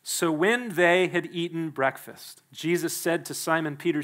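A male pastor preaching a sermon in a church, emphatic and quick to act out the people he quotes. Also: a little high, steady tone, a bit bright. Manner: emphatic, acts out the quoted speakers.

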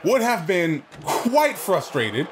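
Casting note: a man doing let's play commentary, exasperated and swearing, with a voice that swings wildly from low grumbles to high yells. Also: sing-song, slow, background noise. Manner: exasperated, swearing, ranting at the game. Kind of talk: gaming commentary.

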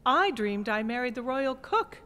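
A wistful young sister speaking slowly and lightly, voiced by a woman storyteller. Her tone rides high and gentle. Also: lively intonation, long reverb tail.

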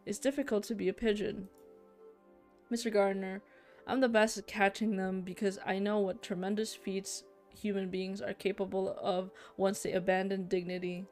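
A woman voicing a menacing male sea officer who delivers threats politely and in a measured way. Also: medium pitch, flat delivery, darkish tone, faint music behind, lightly acted. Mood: musing.

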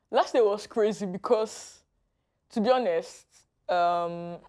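A woman speaking frankly about a rough year. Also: mid-range voice, very slow, a little mellow. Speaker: interviewee. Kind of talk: personal testimony.

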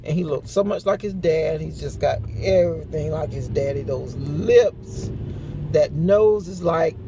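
A woman's voice: low voice, a little slow, background noise. A middle-aged woman chatting casually to a phone camera, telling stories with lots of laughter. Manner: chatty storytelling with frequent laughs. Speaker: vlogger. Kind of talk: casual morning chat.

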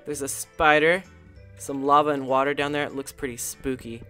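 A channel host giving casual, chatty commentary over a game, excitable and full of gasps and little coos. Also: mid-range voice, normal speed, clear, resonant tone, soft background music.

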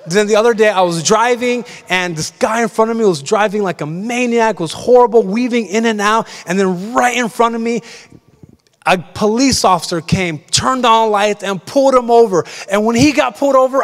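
A man's voice: very high-pitched, fairly quick, a bit bright. A young man preaching a casual, story-driven sermon as pastor, full of fillers like "like" and "um". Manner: chatty storytelling, lots of fillers. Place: large church. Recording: long reverb of a large church.

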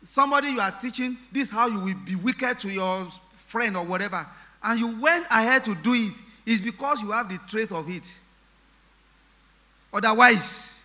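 A male pastor delivers an emphatic sermon, his voice pitched high for a man. The tone is bright and forceful, and he leans on repeated phrases and questions to his congregation. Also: in a large hall. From Nigeria. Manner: emphatic preaching with repetitions and rhetorical questions.

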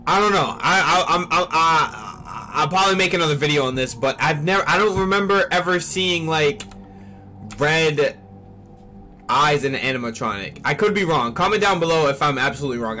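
A young man hosting a casual reaction vlog on a desk mic, rambling excitedly and repeating himself. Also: on the high side, brisk, a little hiss or hum. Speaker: channel host reacting to a trailer.

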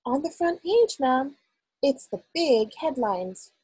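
A woman's voice: sits high, lively intonation, slow pace, dark tone, no echo, pitched above the performer's own voice. A woman voicing a nervous young maid who speaks in a quivering, deferential way, in a storybook reading. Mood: anxious. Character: young maid, timid and anxious.

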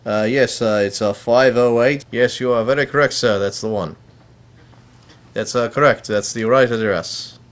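A man playing a clumsy fake-Australian pizza caller, halting and overly polite, with many uhs. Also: medium pitch, close to an everyday voice.

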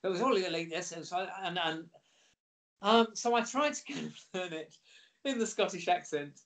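Animated middle-aged man telling stories. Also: high-pitched, moderate pace. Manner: animated, lively storyteller. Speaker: actor guest. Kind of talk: casual interview anecdotes.

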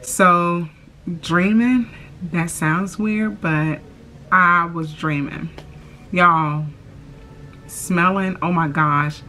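A woman's voice: fairly low pitch, drawn-out words, pauses often, sharp tone, slight background noise. A young woman chatting casually to camera, drawling "y'all" and filling her talk with "like" and "oh my gosh". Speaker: vlogger.

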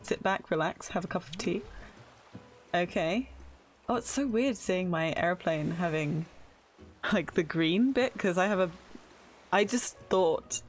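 A woman's voice: fairly low pitch, unhurried, long pauses, slight background noise. A young woman casually chatting with viewers while playing a game on a live stream, often laughing, squealing and calling herself silly. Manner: excitable, squeals and laughs often, self-deprecating.

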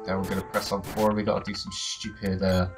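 This let's play host speaks in a low voice with a completely flat delivery and quick pace, faint music playing behind him. Stuffy from a cold and coughing, he gives casual, laid-back game commentary and swears in an offhand way.

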